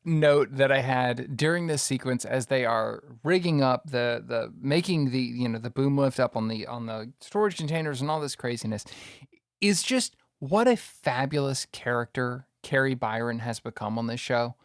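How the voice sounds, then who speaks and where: A man's voice: medium pitch, normal speed, dry recording, studio quality. A man hosting a podcast, enthusiastically recapping a show in casual chat and laughing often. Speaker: podcast host.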